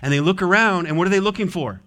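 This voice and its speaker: Male pastor, sermon, somewhat high voice, chatty, acts out quotes. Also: quick pace, sharp tone. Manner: conversational, acts out quotes and small scenes.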